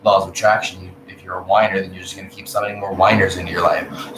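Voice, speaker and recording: A man giving a casual, profane spiritual rant, blunt and animated, swinging between loud outbursts and low mutters. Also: fast talker, few pauses. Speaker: vlogger. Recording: echoey room with background noise.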